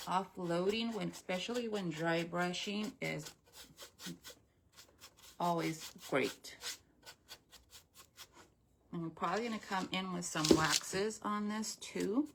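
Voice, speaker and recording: A woman's voice: on the low side, takes it slowly, creaky, long pauses, noisy background. A woman hosting a live craft demonstration, chatting casually with viewers and greeting them by name, with a slightly stuffy nose. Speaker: craft livestream host.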